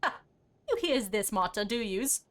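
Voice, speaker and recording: A woman's voice: mid-range voice, very animated, unhurried, fairly bright tone. Grumbling sing-song hag, voiced by a woman streamer; sour, mutters to herself. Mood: muttering. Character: sour old woman corpse-robber, mumbling, sing-song.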